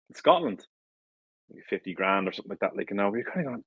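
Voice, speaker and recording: Dry-sounding Irish ex-footballer, rambling. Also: male voice, fairly low pitch, quick pace, slightly rough, dry recording, rough recording. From Ireland. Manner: rambling, many restarts and fillers, animated. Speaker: former footballer, podcast guest. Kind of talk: casual interview storytelling.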